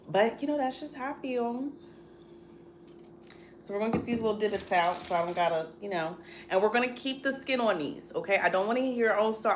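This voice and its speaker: A young woman with chats while cooking at home, with a somewhat low voice. She tells stories in a playful, animated way and acts out the other people in them. Faint noise sits behind her. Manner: playful, animated storytelling with drawn-out quoted voices. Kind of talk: casual chatty cooking vlog.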